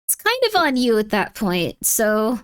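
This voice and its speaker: A woman's voice: fairly high pitch, big pitch swings, unhurried, a bit bright, clear, resonant tone. A woman streamer chatting casually while reacting to videos, rambling with frequent laughs. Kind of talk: casual chat.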